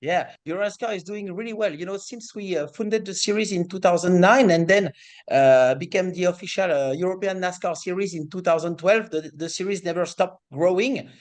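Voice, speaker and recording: A middle-aged man with a French accent and a high-pitched voice answers interview questions as president of a racing series. His English is halting and packed with fillers.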